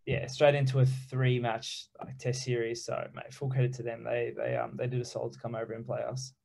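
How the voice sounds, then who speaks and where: A young Australian man speaking as a guest in a relaxed interview, pausing often with ums and unhurried phrasing. His voice has a strong gravelly fry at a middle pitch. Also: poor audio. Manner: relaxed, halting with many ums, easy laughs. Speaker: professional rugby player, guest. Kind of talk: casual interview chat.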